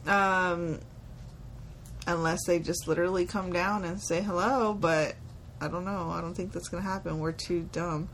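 A young woman co-hosting a casual chat, blunt and quick to laugh, swearing freely. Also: on the low side, steady tone, a bit bright, a little hiss or hum. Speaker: podcast co-host.

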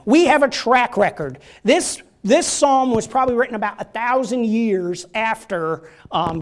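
Guy preaching in a church, casual and jokey, keeps checking in with the crowd. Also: high-pitched. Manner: joking, conversational, asks the crowd "right?". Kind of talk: casual sermon.

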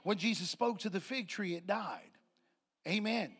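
A pastor, a man, preaches to his church in a high, bright voice. He tells stories with lively acted-out dialogue and loud bursts of laughter. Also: moderate pace, breathy edge. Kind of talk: sermon. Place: church sanctuary with congregation.

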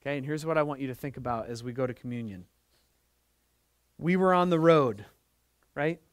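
A man's voice: mid-range voice, fairly quick, no room sound. A middle-aged man preaching a sermon as pastor, telling a story and building to fervent emphasis. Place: church.

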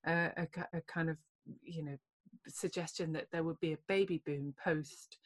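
A woman hosting a podcast in a relaxed chat, reassuring her guest. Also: sits low, moderate pace. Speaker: podcast host. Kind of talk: casual chat.

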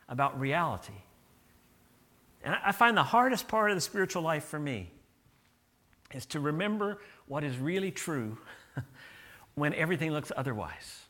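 Male pastor, middle-aged, bright and slightly high voice, animated storytelling sermon. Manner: animated storytelling with acted-out quotes.

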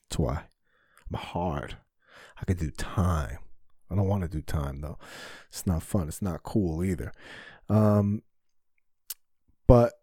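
Low, dark-voiced man ranting on a podcast. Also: no echo, clean studio sound. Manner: profane, frustrated rambling with frequent swearing; candid, self-reflective. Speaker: podcast host. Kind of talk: solo podcast monologue.

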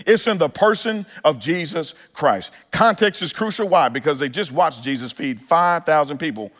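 Male pastor, sermon delivery, a touch high-pitched, earnest and emphatic. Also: lively intonation, normal speed, hardly any pauses, a bit bright. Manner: earnest preaching with rising emphasis and frequent restarts.

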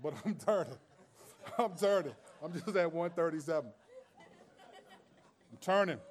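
A man's voice: fairly high pitch, animated, a little slow, a faint crowd. A man preaching a sermon as pastor, conversational and streetwise, with humor and rhetorical questions.

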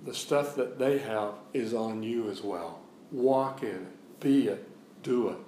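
A man's voice: medium pitch, slow, warm tone, roomy sound, slight background noise, poor audio. A man giving a sermon as a guest preacher in a church, preaching in a conversational way and repeating phrases for emphasis. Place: church sanctuary.

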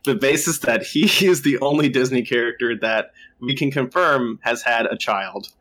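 A man appearing as a guest on a podcast, making deadpan, drawn-out jokes in casual chat. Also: medium pitch.

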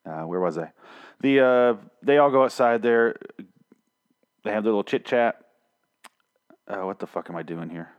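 A man with a lowish voice recaps a TV episode on his own, talking loose and unscripted. He swears freely, drifts off on tangents and pokes fun at himself as he goes. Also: normal speed, pauses often, clear, resonant tone, lo-fi sound. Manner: rambling, profane, self-mocking. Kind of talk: casual solo recap.

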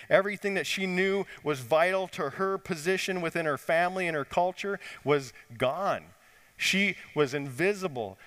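A man preaching a sermon from the pulpit, his voice sitting a little high for a man. He pushes some lines up with urgency and drops others to a low, hushed emphasis. The room adds a long, lingering reverb. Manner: dynamic preaching, rising and dropping to quiet emphasis. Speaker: pastor.

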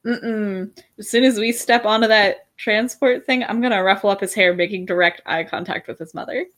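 A woman's voice: mid-range voice, normal speed, fairly bright tone. A woman playing in a tabletop game, playful and teasing. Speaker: player. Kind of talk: casual tabletop play.

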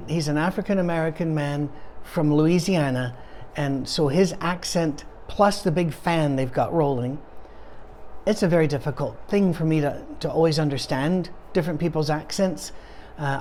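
A tired male pastor talks through a Bible study in a loose, digressive way, full of ums and restarts. His voice is mellow and relaxed rather than bright. A faint hiss sits behind it. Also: on the high side. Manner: rambling, digressive, with many fillers and restarts. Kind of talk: conversational Bible study teaching.

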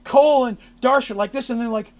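A man recapping a tabletop role-playing session as game master, in animated storytelling that bursts into acted character lines. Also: very high-pitched, a little fast. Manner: lively, acts out characters' lines in shouts and squeals.

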